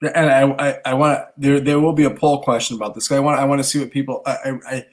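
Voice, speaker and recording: Brief: man in his thirties, animated storyteller, casual swearing, acts out the dialogue. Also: medium pitch, very fast. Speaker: podcast co-host, stay-at-home dad.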